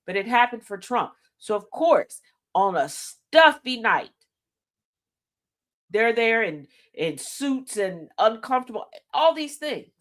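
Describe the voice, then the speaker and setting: A woman's voice: on the high side, very animated, slow. Emphatic woman radio host. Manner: emphatic, addresses listeners directly with rhetorical questions; repeats key lines for emphasis. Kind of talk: opinionated commentary monologue.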